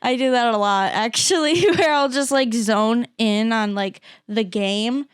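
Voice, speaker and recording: Bubbly woman with a smooth, high voice. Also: a little slow, no room sound, clean studio sound. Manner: bubbly, lots of 'like' fillers. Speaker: podcast co-host. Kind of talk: casual chat.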